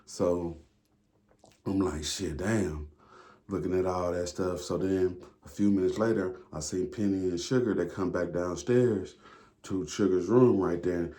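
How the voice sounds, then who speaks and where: A man with a very deep voice and a dark, mellow tone tells a story in a loose, rambling way. He drops slang, swears freely and keeps circling back with fillers. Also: fairly even intonation, a little slow. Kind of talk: casual storytime monologue.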